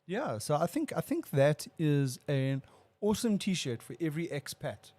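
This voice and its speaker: A man's voice: fairly high pitch, very animated, normal speed, darkish tone. Chatty man hosting. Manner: chatty, rambling, laughs often. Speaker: podcast host. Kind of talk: casual chat.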